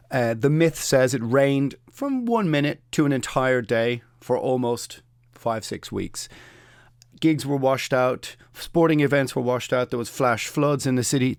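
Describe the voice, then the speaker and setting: Brief: middle-aged Irish male podcast host, sardonic rant, gravelly voice, dry close sound. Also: mid-range voice, no echo. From Ireland. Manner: opinionated, sardonic, with mocking asides.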